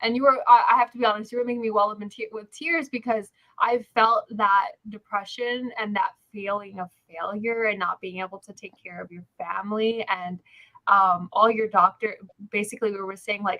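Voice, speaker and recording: A woman's voice: medium pitch, steady tone, brisk, sharp tone, no echo, rough recording. A woman co-hosting a casual live show, speaking with earnest sympathy. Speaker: co-host.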